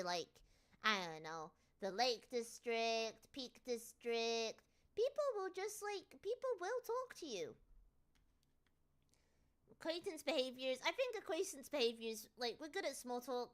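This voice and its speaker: Fielding questions from her viewers, this UK-based VTuber keeps things chatty and full of jokes, frequently starting over and putting on silly voices. She's a British woman with a fairly bright, higher-pitched voice, lively intonation and a moderate pace.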